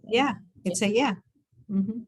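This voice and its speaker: A woman's voice: medium pitch, slow, husky, no echo. A woman from Israel teaching an online Hebrew class over a video call, patiently repeating letter sounds with chatty asides.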